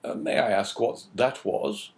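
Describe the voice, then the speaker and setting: Brief: man playing a cool, measured English agent in a storybook reading, lively intonation. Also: fairly low pitch, gravelly. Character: calm, phlegmatic English businessman.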